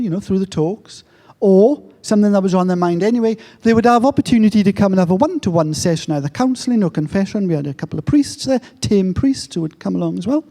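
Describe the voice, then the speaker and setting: English man, self-mocking conference speaker, high and mellow, reverberant hall. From England. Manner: joking, self-mocking storyteller. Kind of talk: conference talk.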